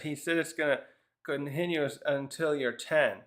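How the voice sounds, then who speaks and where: A man's voice: on the high side, moderate pace, fairly bright tone. A man casually reviewing a manga chapter, thinking aloud with frequent restarts and fillers. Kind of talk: casual rambling commentary.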